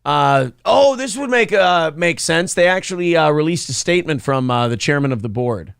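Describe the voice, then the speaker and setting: A man's voice: fairly high pitch, animated, normal speed, creaky, clear, resonant tone, dry recording, studio quality. A male morning show host in casual comedic radio talk, irreverent and joking with stammered restarts. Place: studio.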